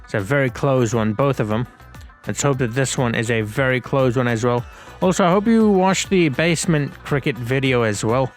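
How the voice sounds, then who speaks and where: A man gives casual play-by-play commentary over a sports video game, chatty and a little rambling, with slangy asides. His voice sits at an ordinary middle pitch. Soft game music plays faintly behind him. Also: normal speed. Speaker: gaming video host and commentator.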